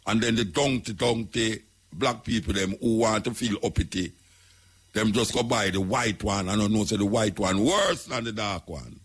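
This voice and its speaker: A man's voice: fairly low pitch, normal speed, slightly rough. A man with a Jamaican accent, talking as a radio host in an emphatic, preaching way, repeating his points. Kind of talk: talk radio commentary.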